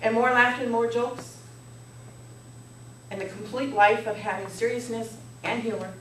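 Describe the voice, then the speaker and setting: A woman's voice: a little high, fairly even intonation, moderate pace, a bit bright. A middle-aged woman giving a humorous speech to an audience, playful and leading the room in jokes and laughter. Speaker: contest speaker. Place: meeting hall with audience. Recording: echoey hall from far off, faint noise.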